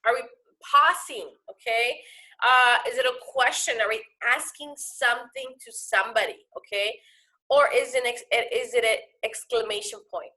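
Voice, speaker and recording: A woman teacher giving a recorded lesson to her students, explaining patiently and often pausing to ask "okay?". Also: a little high, bright, forceful tone.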